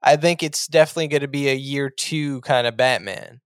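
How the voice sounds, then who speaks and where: A young man chatting casually on a podcast, easygoing and quick to chuckle. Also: medium pitch, smooth, dry recording, clean studio sound. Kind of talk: casual chat.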